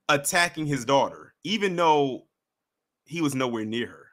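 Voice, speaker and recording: A man's voice: mid-range voice, big pitch swings, normal speed, fairly bright tone. A man reading a news story aloud and breaking off into emphatic, indignant commentary. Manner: emphatic, indignant asides between read passages. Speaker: commentary streamer.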